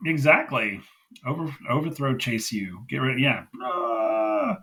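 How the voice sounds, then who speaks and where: A man's voice: medium pitch, animated, unhurried, bright, forceful tone, breathy edge, rough recording. A man co-hosting a wrestling review podcast, gushing and emphatic, repeating himself in casual chat. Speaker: podcast co-host.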